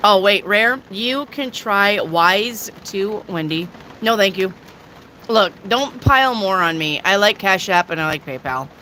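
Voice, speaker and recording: A tarot reader does a casual live reading for her viewers, speaking slowly and chattily with jokes and occasional crude asides. Her voice is bright, clear, medium-pitched, and expressive, with a faint hum of ambient noise behind it.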